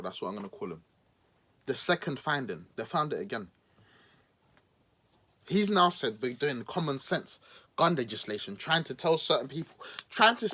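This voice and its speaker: A husky man delivers a mocking, sarcastic podcast monologue. His lively voice swings up and down as he teases and exaggerates. It sits a little high for a man. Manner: mocking, animated, playful voices for emphasis. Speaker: podcast host. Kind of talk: sarcastic political commentary monologue.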